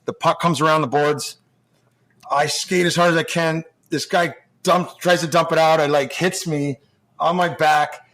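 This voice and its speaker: Profane middle-aged male storyteller, fairly high voice. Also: moderate pace. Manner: animated, profane anecdote-telling with restarts. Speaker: podcast guest, former hockey player. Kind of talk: casual storytelling chat.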